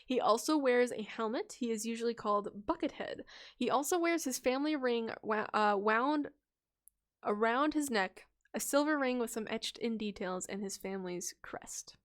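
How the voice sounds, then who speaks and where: This woman, whose voice runs on the high side at a moderate pace, hosts a casual livestream reading viewers' character stories. The mood is chatty and playful, with frequent laughter and stumbles she goes back to correct.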